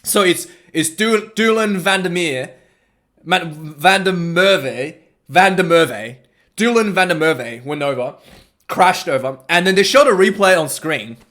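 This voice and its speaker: Man, slightly high voice, casual rugby recap, rambling, excitable. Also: unhurried. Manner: rambling, excitable, lots of restarts and asides. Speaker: rugby match reviewer. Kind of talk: casual match recap commentary.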